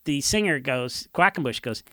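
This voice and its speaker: A man from Orange County, a punk musician, telling rambling, animated stories in a casual interview and acting out what others said. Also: mid-range voice, normal speed, no echo, studio quality. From Orange County, California. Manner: rambling, animated storytelling with acted-out quotes.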